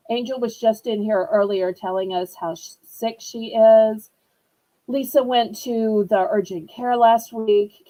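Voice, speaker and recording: A woman's voice: mid-range voice, dark tone, low-quality recording. A woman from New Orleans, chatting with viewers while selling items in a live-stream auction. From New Orleans, USA. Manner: slow, sympathetic, chatty with viewers.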